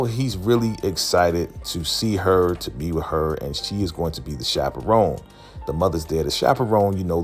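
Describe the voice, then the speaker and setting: A man casually recapping a TV episode, loosely retelling scenes and slipping into the characters' lines with "he's like" and "man.". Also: low voice. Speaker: TV recap vlogger.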